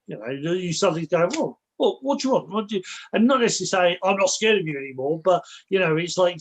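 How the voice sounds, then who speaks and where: On a low-quality recording, a man with a somewhat high voice speaks as a guest in a relaxed interview. As a spiritual and martial arts teacher, he reflects and rambles through personal stories, frequently repeating words and restarting sentences to explain his ideas.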